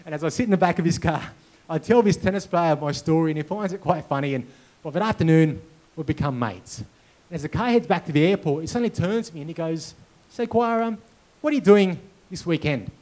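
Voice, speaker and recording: A man's voice: fairly high pitch, animated, fast, a little mellow. A man giving a storytelling keynote speech, acting out dialogue and sound effects as he goes. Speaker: keynote speaker. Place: conference hall with audience.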